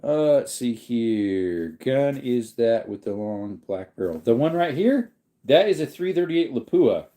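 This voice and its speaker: A man hosting a livestream, reading viewer comments aloud in a relaxed, rambling way while yawning. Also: medium pitch, measured pace. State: sleepy, yawning. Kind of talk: casual chat.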